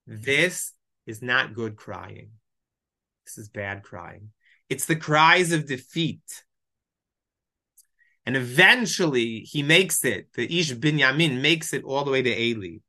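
A man teaching a Bible lesson verse by verse, reading lines aloud and explaining each in English. His voice is bright and clear, and his delivery is emotional, sometimes choked up. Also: medium pitch, animated, takes it slowly. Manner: reads Hebrew verses then explains in English. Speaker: Torah teacher. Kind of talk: text study lesson, translating verse by verse.

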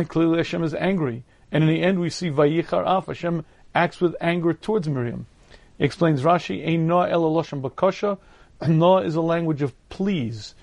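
A man giving a Torah lecture in a measured, explanatory way, often stopping to clear his throat. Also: a little high, a little mellow, no echo.

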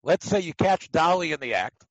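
A man teaching a Torah class in a lively, animated way, acting out little scenes and laughing. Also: on the high side, normal speed, dry recording, dull audio. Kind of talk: Talmud class lecture.

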